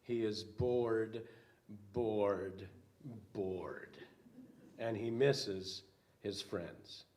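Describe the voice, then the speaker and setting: Slow-paced older male minister reading aloud. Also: lowish voice, steady tone, darkish tone, slight background noise. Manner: slow, unhurried storytelling with hesitant fillers. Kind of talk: reading a children's story aloud.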